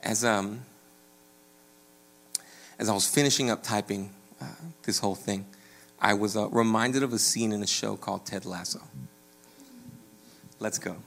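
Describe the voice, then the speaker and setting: A man's voice: on the low side, measured pace, vocal fry, long pauses, slight background noise. Conversational male pastor preaching. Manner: conversational, rising to animated storytelling with frequent "right?". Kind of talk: sermon.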